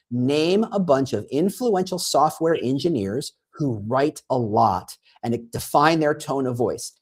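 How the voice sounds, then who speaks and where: A man speaking as a guest in an interview, animated, often restarting phrases and acting out little quotes. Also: mid-range voice, slightly rough. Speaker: guest expert on recruiting. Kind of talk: conversational interview.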